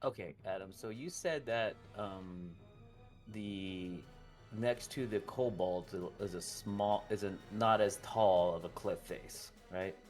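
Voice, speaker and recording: A man playing a tabletop game, deliberate and checking the details before he acts. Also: on the low side, faint music behind. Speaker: player. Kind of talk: casual tabletop play.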